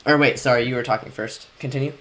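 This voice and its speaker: A man hosting a casual chat, rambling excitedly with lots of restarts and fillers. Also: mid-range voice, fast talker. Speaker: podcast host reacting to a video.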